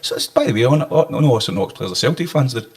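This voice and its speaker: A Scottish man, a former football manager, telling an animated story on a podcast. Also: mid-range voice, fast talker. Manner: animated anecdote-telling, gets emotional.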